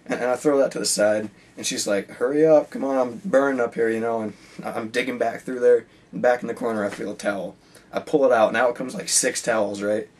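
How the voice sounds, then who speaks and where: A teenage boy rambles through a story from his school day. He says "like" and "you know" constantly. His voice sits low and a little husky, and it comes from some way off the mic. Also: steady tone, brisk, far from the mic. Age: teens. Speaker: high school student. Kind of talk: casual storytelling.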